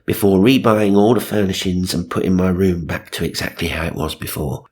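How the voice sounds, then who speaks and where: Male narrator, low and husky, dry comic asides. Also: fairly quick. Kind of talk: comic reading of magazine stories.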